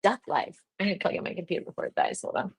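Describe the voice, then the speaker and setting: A woman's voice: fairly low pitch, huge pitch swings, rapid-fire, vocal fry, slightly rough, no echo. A young woman hosting a livestream, telling a story casually, laughing often and saying "like" a lot. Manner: giggly, laughs often, lots of "like" fillers. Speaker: livestream host.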